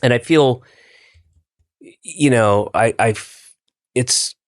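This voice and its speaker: An older American man hosting a podcast, talking bluntly in a halting way with lots of fillers and restarts. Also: medium pitch, no room sound, clean studio sound. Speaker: podcast host. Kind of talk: casual chat.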